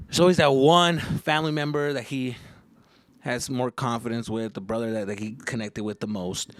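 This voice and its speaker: A man's voice: medium pitch, fairly even intonation, normal speed, a bit bright. A man in his thirties hosting a podcast and casually telling a story, loose and heavy on profanity. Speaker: podcast host.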